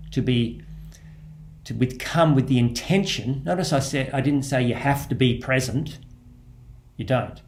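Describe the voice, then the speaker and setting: An Australian priest offers a gentle spoken reflection on prayer, repeating key phrases and restarting as he thinks aloud. His voice is mid-range and creaky.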